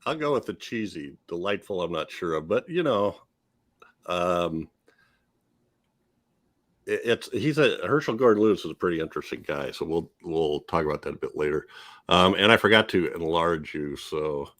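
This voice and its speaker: A man's voice: sits low, expressive, normal speed, fairly bright tone. A man hosting a podcast, easygoing and steering the conversation. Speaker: podcast host. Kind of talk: casual chat.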